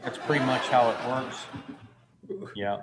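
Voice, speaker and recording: A man's voice: medium pitch, a little slow, noisy background. A man in his fifties telling a long, rambling story in casual chat. He talks emphatically and swears freely. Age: 50s. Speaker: guest.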